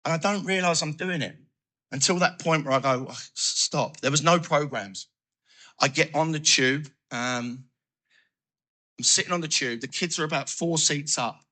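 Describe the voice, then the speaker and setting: A man giving a personal recovery testimony, telling his story in an animated way and acting out his own thoughts. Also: a little high, moderate pace. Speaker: recovery speaker.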